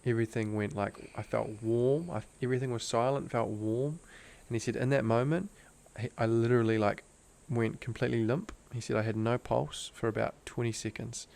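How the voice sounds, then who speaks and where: A man's voice: medium pitch, steady tone, a little fast, creaky, hardly any pauses, a little mellow. A young man, a podcast guest, telling a personal story in an earnest, intense way, full of "like" fillers. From Australia. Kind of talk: casual storytelling interview.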